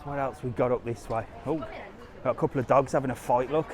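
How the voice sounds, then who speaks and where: A man's voice: mid-range voice, fairly even intonation, fast talker, noisy background. A man hosting a casual live walking tour outdoors, chatting easily to his viewers and reading their comments aloud. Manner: chatty, easygoing, talks straight to viewers. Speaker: travel vlogger and live-stream host. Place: outdoors on a resort street, walking.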